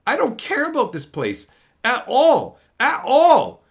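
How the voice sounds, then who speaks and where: A man's voice: very high voice, slow. A man telling brash, profane stories in a casual stream chat. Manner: profane, brash, animated storytelling.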